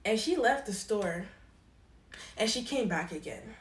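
A woman's voice: unhurried, roomy sound. A young woman telling a casual storytime about a past job, acting out what people said with big jumps in her voice. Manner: animated, quoting people with lively pitch jumps. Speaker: storyteller vlogger.

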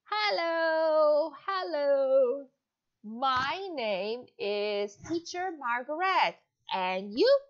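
A woman in her thirties teaching English to a young child, drawing each word out slowly and heaping on praise. Her fairly high voice swoops up and down with big energy, and the recording sounds dull and lo-fi. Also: lively intonation. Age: 30s. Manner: slow, exaggerated, encouraging teacher talk with lots of praise. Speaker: ESL teacher. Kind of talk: demo online lesson for a child.

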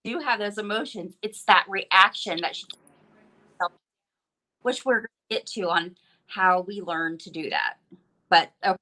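A woman's voice: medium pitch, a little slow, pauses often, pushed and bright, rough recording. A woman hosting a casual live-streamed talk about her daughter, speaking in a rambling way with many restarts. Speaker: host, mother.

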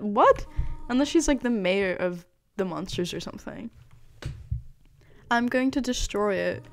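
A young woman giving excited, chatty commentary while streaming a video game for the first time. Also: mid-range voice. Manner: excitable, exclaims and laughs a lot. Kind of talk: casual live gameplay commentary. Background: faint game music.

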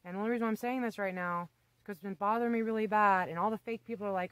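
A woman's voice: medium pitch, very fast, no room sound, poor audio. Blunt rambling woman vlogger, dry sound. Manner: blunt, rambling, emphatic, swears casually. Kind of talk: casual unscripted rant to camera.

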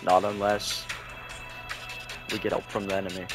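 A man doing a grim American commander with a low, muttered voice. He sounds grave and heavy, as if talking half to himself. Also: monotone, normal speed, music in the background. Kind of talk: game roleplay voice acting.

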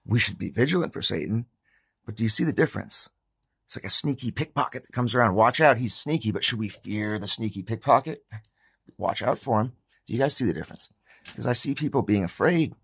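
A man talking earnestly to his viewers in an informal religious vlog, rambling and getting sidetracked, moving between hushed confiding and loud, excited urging. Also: on the low side, fairly quick, creaky, breathy edge, no echo. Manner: emotional swings from hushed to near shouting. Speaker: Christian vlogger.

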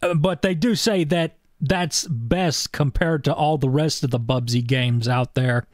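A man's voice: on the high side, measured pace, no echo. A young man streaming a video game, delivering sarcastic, profane, wisecracking commentary as he plays. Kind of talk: let's-play commentary.

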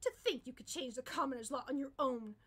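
A woman's voice: high voice, fast, slightly rough. A woman voicing a proud, haughty young noblewoman with a cutting, commanding delivery. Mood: scornful.

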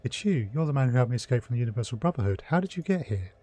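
Haunted young elf woman in a video game, bitter and frightened, read by a man in his own low voice. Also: very animated, rapid-fire, mellow.

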